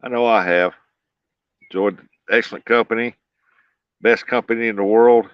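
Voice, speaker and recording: A man's voice: on the low side, steady tone, moderate pace, smooth, no room sound. A man, chatting casually with livestream viewers while fishing outdoors by a flooded river levee, folksy and laid-back with frequent chuckles. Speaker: livestream host. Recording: dull lo-fi, dry.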